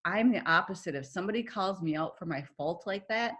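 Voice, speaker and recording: A woman with a somewhat low voice, co-hosting a casual chat. She speaks bluntly and gets straight to the point. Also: lively intonation, a little fast, fairly bright tone. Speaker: podcast co-host.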